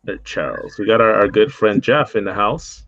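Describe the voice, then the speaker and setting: A man's voice: on the low side, lively intonation, moderate pace, fairly bright tone, no echo. A man from California co-hosting a livestream chat, who greets viewers by name in an easygoing way. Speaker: podcast co-host. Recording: dull, dry lo-fi mic.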